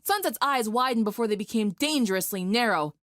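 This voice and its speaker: A woman's voice: a little high, lively intonation, fairly quick, fairly bright tone, no echo. Woman reading an action story, dry close sound. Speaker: narrator. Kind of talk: dramatic fan fiction reading.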